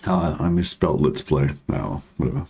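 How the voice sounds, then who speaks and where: A man's voice: extremely low pitch, normal speed, husky. An Australian man casually chatting with viewers while livestreaming a strategy game and greeting them by name. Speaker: livestreaming gamer.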